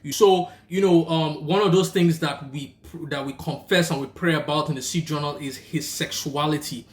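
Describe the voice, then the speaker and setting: A young Nigerian man with a Nigerian accent, telling a personal story and giving faith-based marriage advice in a lively, casual way. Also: fairly high pitch, normal speed, echoey room. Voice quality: animated, acts out the people in his story. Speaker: vlogger and rideshare driver.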